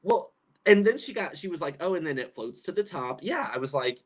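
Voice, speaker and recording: A man reading chat comments during a casual livestream, his pitch swinging widely as he reacts. He sounds exasperated and incredulous, laughing often and rambling through fillers and false starts. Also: lively intonation, normal speed. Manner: rambling with many fillers and restarts.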